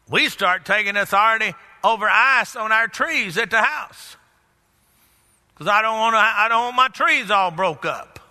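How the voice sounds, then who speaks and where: Preacher with a bright, ringing voice. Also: male voice, sits high, in a large hall. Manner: preaching, repeats phrases for emphasis, builds to exclamations. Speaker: pastor. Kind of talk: sermon. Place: church.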